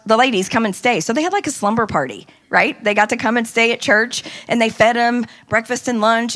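A woman casually telling a lively story about a conference trip, often quoting people in animated voices. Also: on the high side. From United States. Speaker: speaker recounting a women's conference trip.

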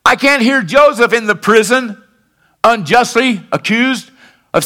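A male pastor preaching a sermon, calling out to the congregation for responses and swinging between fervent peaks and quiet lows. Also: animated, slow pace. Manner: rises to fervent emphatic peaks, then drops low and quiet.

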